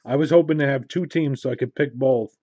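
A man hosting a live card break, opening packs and calling out what he pulls, muttering to himself between low asides and excited call-outs. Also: a little fast, no echo, highs cut off.

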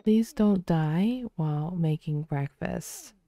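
Brief: playful new mother, voiced by a woman, slow and lowish. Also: animated, mellow. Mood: giddy. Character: excitable young new mother.

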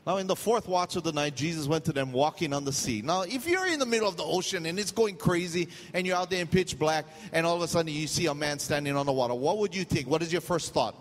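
A man's voice: on the high side, fast talker, hardly any pauses, in a large hall, a little hiss or hum. A middle-aged man from Hawaii with a Hawaiian accent, preaching a sermon, telling stories with jokes and slipping into pidgin. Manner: storytelling, jokey, loose pidgin asides. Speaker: pastor.

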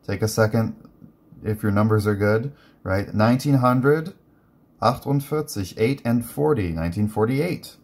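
A man with English as his first language runs a relaxed guided reading lesson, chatty and full of fillers, and reads German aloud in between. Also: fairly low pitch, moderate pace.

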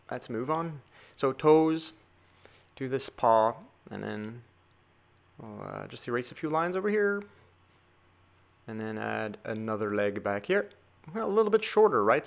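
A man's voice: mid-range voice, gravelly, a bit bright. A man giving a chatty drawing tutorial, talking to viewers as he sketches. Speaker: drawing teacher.

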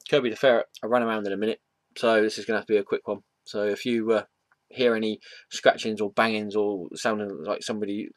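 With a fairly low-pitched voice and no echo, a man records a casual vlog from a room at home about comics. As a comic book vlogger he rambles, restarting often, using lots of fillers and poking fun at himself.

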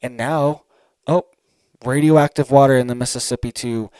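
A man delivering an urgent, emphatic monologue straight to his viewers, often pausing to check they're following. His voice is smooth and clear, at an everyday middle pitch. The recording is close and dry, with no room sound. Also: fairly even intonation, a little mellow, dry recording, poor audio. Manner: urgent, emphatic, keeps asking "all right?". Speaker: online commentator. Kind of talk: solo commentary video.

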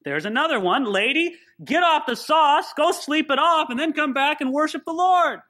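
A man playing a blunt, brusque old high priest within a sermon. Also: expressive, normal speed, sharp tone, full character voice. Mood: scolding. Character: gruff ancient high priest scolding.

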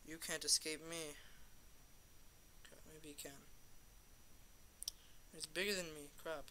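Bright-voiced man joking through a game. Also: a little high, unhurried, slight background noise. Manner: playful trash talk, excited repeated cries. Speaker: gamer commentator. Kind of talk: casual gameplay commentary.

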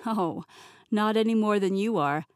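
An easygoing, mischievous young king who can snap into a loud, commanding tone, as a woman narrator puts him on. He is heard in an audiobook with a dry, close studio sound and a mid-range pitch. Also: measured pace, no room sound, close to an everyday voice. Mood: playful. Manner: easygoing, turns stern and loud when giving orders. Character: young male interim king, playful but commanding. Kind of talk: audiobook character voice. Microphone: close studio mic, dry.

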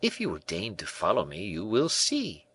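A courteous, sharp-eyed playwright explains with polished, agreeable politeness, as a male narrator puts him on. The voice sits a touch low and moves with lively inflection. It is dry and close to the mic. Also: moderate pace, husky, heavily acted.

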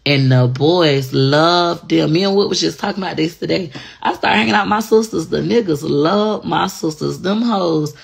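Gravelly, husky woman talking bluntly. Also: deep voice, normal speed. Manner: blunt, profane, frank. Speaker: online personality. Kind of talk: casual confessional chat.

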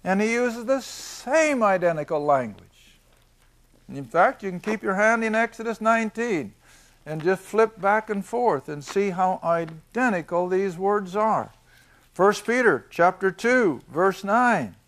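An older man teaches a Bible class in a fairly high voice. He talks at an unhurried pace and reads each verse slowly. He asks the class questions, answers them himself, and drives each point home with emphasis. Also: animated, fairly bright tone. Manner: reads scripture slowly, then explains it.

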